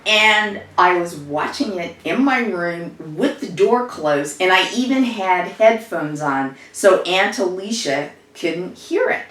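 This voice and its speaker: Woman playing a slow, low-voiced social worker. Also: animated, a bit bright. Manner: rambling, conversational storytelling with fillers. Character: adult woman social worker recounting a family row. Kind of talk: improvised dramatic monologue. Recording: echoey room, distant mic.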